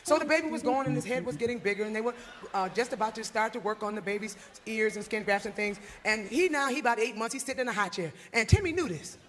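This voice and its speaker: A woman's voice: on the high side, fast talker, a bit bright, big-room sound, a little hiss or hum. A woman telling a long comic story in a folksy, chatty way, repeating words for effect. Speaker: gospel singer doing stand-up.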